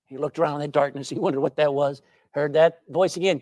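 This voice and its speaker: A woman preaching a sermon, animated and questioning her congregation, with jokes and anecdotes along the way. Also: sits low, quick pace, no room sound, studio quality. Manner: tells jokes and anecdotes with a laugh.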